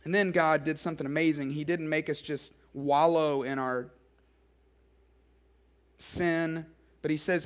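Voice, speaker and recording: A man's voice: a little high, fairly even intonation, unhurried, long pauses. A man preaching an earnest sermon to students, stressing his points through repetition. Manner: earnest and emphatic, with repeated phrases. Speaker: speaker at a student summer gathering.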